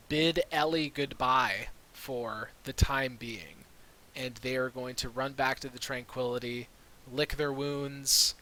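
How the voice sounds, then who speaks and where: A man narrating as dungeon master in relaxed, filler-heavy storytelling on a USB mic over a video call. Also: medium pitch, poor audio. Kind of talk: narrating a tabletop game.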